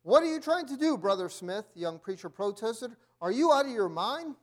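A man voicing an indignant young preacher who protests loudly. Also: high voice, expressive, moderate pace.

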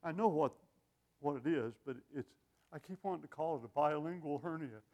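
An older man preaching a sermon with an animated, self-deprecating sense of humor, often laughing at himself. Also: a little high, fairly quick. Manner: lively, animated delivery.

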